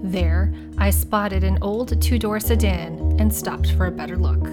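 A woman reading a first-person mystery story aloud in a steady, measured way. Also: medium pitch, loud music behind the voice. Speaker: audiobook narrator. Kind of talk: scripted first-person narration.

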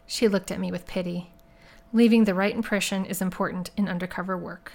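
A woman reading a first-person crime story aloud in measured, even scripted narration. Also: fairly low pitch, gravelly. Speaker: audiobook narrator.

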